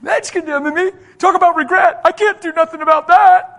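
A man's voice: very high-pitched, steady tone, a little fast, a bit bright, big-room sound, voice pushed up. A man voicing an upset woman from his congregation who answers him aggressively and indignantly. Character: upset defensive woman church member.

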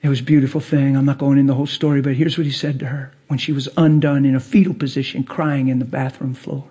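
A man preaching a personal testimony with animated storytelling, laughing as he swings from hushed to loud. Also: mid-range voice, fast talker, breathy edge, lo-fi sound. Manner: laughs through his words. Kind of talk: testimony sermon.

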